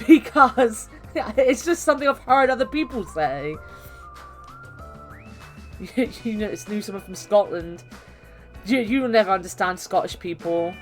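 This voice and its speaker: A young woman from England's West Country, a game streamer, chats casually with her viewers in a mild British accent with a light local lilt. Her mid-pitched voice is fairly bright, and she rambles and laughs often.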